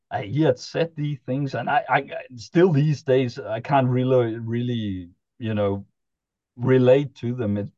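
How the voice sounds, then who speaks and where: Man recounting an anecdote, mellow low timbre, dry dull-sounding recording, halting delivery. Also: dry recording. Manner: halting, chuckling anecdote telling with many restarts. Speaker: podcast guest. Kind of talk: casual storytelling.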